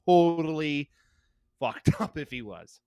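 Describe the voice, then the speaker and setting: Male sports podcast co-host, casual joker, lively voice, dry booth sound. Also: on the high side, slow, clean tone, no echo. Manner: loose and joking, trails off with fillers.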